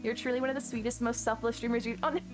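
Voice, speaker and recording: A woman's voice: fairly high pitch, fairly even intonation, rapid-fire. Gushing woman streamer over music. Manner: gushing, effusive, rambling with many restarts. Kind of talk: casual live-stream chat thanking viewers. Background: background music.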